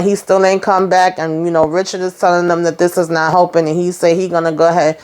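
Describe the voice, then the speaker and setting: A woman's voice: on the low side, fairly even intonation, fairly quick, few pauses, darkish tone, smooth. A woman hosting a casual TV episode recap, chatty and rambling with lots of "you know" asides. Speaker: host.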